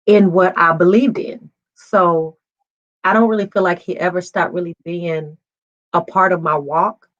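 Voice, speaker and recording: A woman in her forties shares a candid, emotional personal testimony, breaking into laughs as she goes. Her voice sits low. The recording sounds dull and lo-fi. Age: 40s. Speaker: guest.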